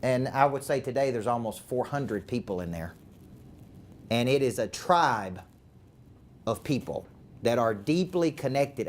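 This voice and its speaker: Southern male sales coach, emphatic talk with repeated words and rhetorical questions. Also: mid-range voice. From Tennessee.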